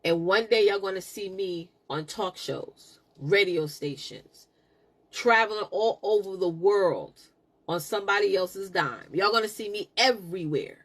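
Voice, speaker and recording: Brief: middle-aged woman, host on a live stream, lively and preachy storytelling, even pitch. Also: measured pace. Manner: animated, preachy, laughs a lot.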